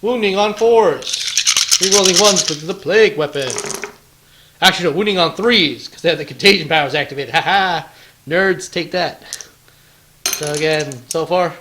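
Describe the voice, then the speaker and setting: Man, battle report host, casual play-by-play, slightly high voice, playful, counts rolls aloud. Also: sharp tone, a little hiss or hum, low-quality recording. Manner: chatty, counts dice aloud, playful taunts. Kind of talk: casual play-by-play of a tabletop game.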